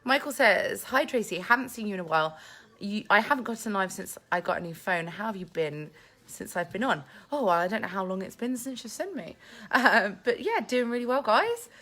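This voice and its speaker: Animated and fairly quick, her mid-range voice has a fairly bright tone. The English host chats through a laid-back live-stream Q&A at home with her family, phone in hand, reading out comments from her audience.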